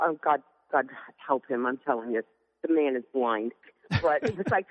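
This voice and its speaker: A woman's voice: deep voice, measured pace, big-room sound. Woman on a tinny phone line. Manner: candid and lively, acts out others' words. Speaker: guest caller. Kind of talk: casual interview over the phone.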